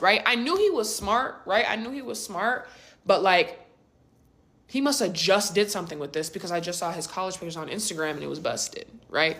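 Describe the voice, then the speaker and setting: A young woman telling a casual storytime in an animated, slangy, conversational way. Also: medium pitch, a little fast.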